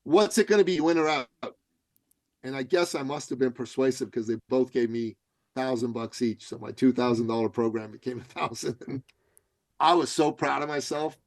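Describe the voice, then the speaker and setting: Dry, animated male storyteller. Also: normal speed, gravelly, no echo. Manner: acts out dialogue with big jumps in pitch. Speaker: podcast guest.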